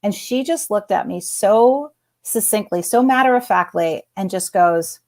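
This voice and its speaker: A woman in her forties, formerly an executive, tells a personal story as a guest at a measured pace in a mid-range voice. Her delivery is animated and conversational, full of fillers and restarts.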